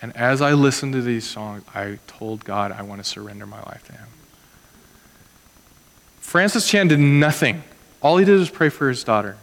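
A man's voice: medium pitch, lively intonation, moderate pace, vocal fry, pauses often, in a large hall. A man pastor preaching a sermon in an earnest, conversational way, acting out the people in his stories.

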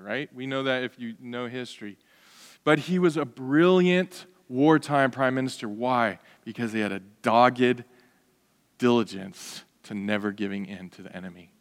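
A man's voice: mid-range voice, fairly bright tone, long reverb tail. A male pastor preaching a sermon, earnest and exhorting, often posing rhetorical questions.

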